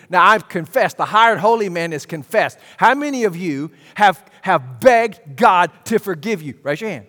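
Pastor preaching in a reverberant church. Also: male voice, expressive, unhurried, hardly any pauses. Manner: conversational preacher, swings from low asides to loud bursts. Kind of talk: sermon.

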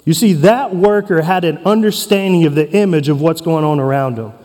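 A man preaching a sermon as pastor, earnest and emphatic, with dramatic pauses between phrases. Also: on the high side, a little mellow. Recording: long reverb of a hall.

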